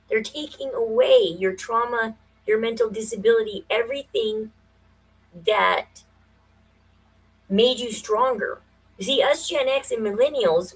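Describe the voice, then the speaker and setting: Husky woman rambling on a livestream. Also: a little high, rough recording. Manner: rambling, thinks aloud with many fillers; conspiratorial, builds to quick emphatic bursts. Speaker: livestream host. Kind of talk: casual livestream monologue.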